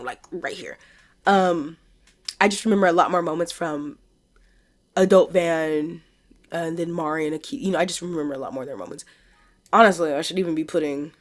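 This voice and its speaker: Woman w a lowish voice rambling thru a ranking, keeps second guessing herself, laughs a lot. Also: a little mellow. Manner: rambling, self-correcting, laughs often. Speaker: streamer ranking show characters. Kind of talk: casual chat.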